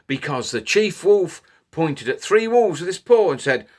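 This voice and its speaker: A man telling a children's story in an animated way, inviting little listeners to join in. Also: fairly high pitch, measured pace, few pauses. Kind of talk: interactive children's story reading.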